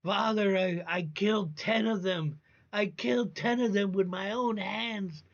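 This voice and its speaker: A man putting on the voice of an elated young man shouting proudly to his father. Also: high voice, a little slow, creaky, muffled recording, voice pushed up, heavily acted.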